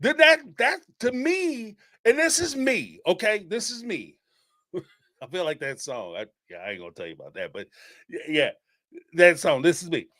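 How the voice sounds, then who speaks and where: A man's voice: sits high, very animated, moderate pace, fairly bright tone, no echo, clean studio sound. A man hosting a reality TV commentary show, talking bluntly, swearing freely and laughing as he mocks what others said. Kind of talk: casual commentary monologue.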